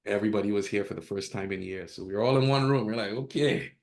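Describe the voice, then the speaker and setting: A man's voice: on the low side, rapid-fire, vocal fry. A man guest on a podcast, telling candid personal stories in a casual way and acting out the quotes. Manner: candid, laughs at own stories, acts out quotes. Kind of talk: casual storytelling interview.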